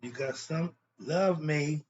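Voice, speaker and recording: A philosophy teacher with a fairly high, slow-paced voice runs an informal lecture, firing off blunt rhetorical questions he answers himself. He comes across as emphatic and conversational, captured on a dull lo-fi recording with faint noise.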